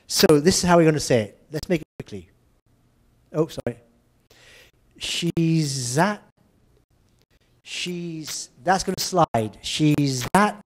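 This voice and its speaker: Older man giving a lively lecture. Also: a little high. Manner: lively, demonstrative, tells humorous anecdotes. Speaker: English language lecturer. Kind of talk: seminar lecture.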